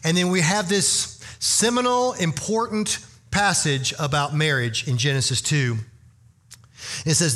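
Guy pastor giving a sermon, chatty and emphatic, bright ringing voice, kinda high. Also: measured pace. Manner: conversational storytelling, animated and emphatic.

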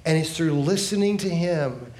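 A man's voice: expressive, moderate pace. Earnest preaching man, echoey room. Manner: earnest preaching, drops low and soft at phrase ends. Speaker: pastor. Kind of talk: sermon.

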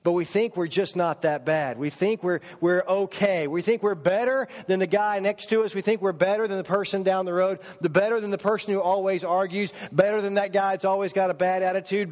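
A man preaching a sermon in a church, emphatic and full of rhetorical questions, slowing down to stress his words. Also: sits high, a little mellow. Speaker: pastor. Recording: long church hall reverb.

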